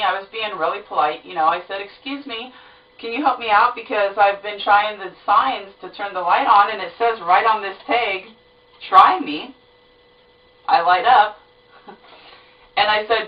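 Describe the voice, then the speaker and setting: A woman vlogger chatting to camera, retelling a story. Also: on the low side. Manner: chatty, animated retelling with lots of fillers. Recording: roomy, distant, dull sound.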